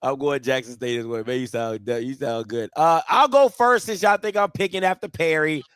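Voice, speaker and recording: Lively high-voiced man, dry sound. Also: normal speed, smooth, no room sound. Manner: playful, teasing back-and-forth. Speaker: sports show co-host. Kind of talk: casual sports chat.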